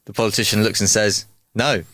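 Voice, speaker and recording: A man co-hosting a podcast, telling jokes in a casual, animated storytelling way. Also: fairly low pitch, brisk, dry recording, studio quality. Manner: animated storytelling, laughs often. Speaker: podcast co-host. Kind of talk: casual joke-telling chat.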